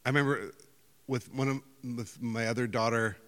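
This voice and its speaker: A middle-aged man delivers a sermon in an easy, conversational way, telling stories and poking fun at himself. His voice sits at an ordinary pitch for a man and carries a long reverb, as if he is speaking in a large hall. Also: normal speed. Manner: conversational storytelling, self-deprecating, lively outbursts. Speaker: pastor.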